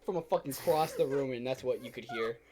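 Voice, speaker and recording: A man co-hosting a casual podcast chat, loud and crude, often laughing. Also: mid-range voice, fast, background noise. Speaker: podcast co-host.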